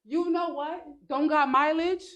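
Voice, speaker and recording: A woman hosts a live stream from her phone, chatting straight to her viewers. Her voice sits a little on the high side, and her talk is sassy and full of slang. She rambles from one point to the next. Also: fairly even intonation, a little slow, fairly bright tone, dull audio, a little hiss or hum. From Brooklyn, New York. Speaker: livestream host.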